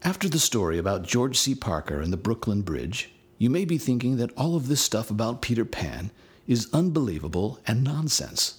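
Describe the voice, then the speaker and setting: A man narrates a scripted lesson and reads a story aloud. His voice is low and husky. His pitch moves a lot as he gives an animated reading. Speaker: teacher, storyteller.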